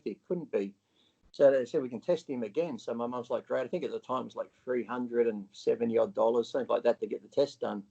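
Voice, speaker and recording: Gravelly and warm at a medium pitch, this Australian interviewee recounts his story with blunt profanity, mimicking the people in it and replaying his own old lines. The sound is muffled and lo-fi.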